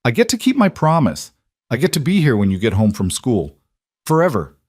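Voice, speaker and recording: A man's voice: mid-range voice, very animated, brisk, a little mellow, no room sound, clean studio sound, pitched above the performer's own voice. A man voicing an emotional single dad. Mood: earnest. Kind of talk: scripted story narration.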